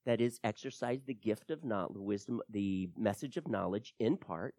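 A man preaching a verse-by-verse sermon, emphatic and animated, at times repeating words as he stresses a point. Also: lowish voice, moderate pace, hardly any pauses, no echo, clean studio sound.

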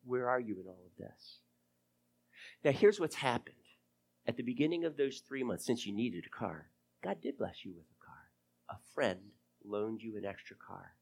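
A pastor preaching a sermon to his church, acting out prayers and conversations in an animated way and dropping to a hushed voice at times. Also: on the low side, slightly rough.

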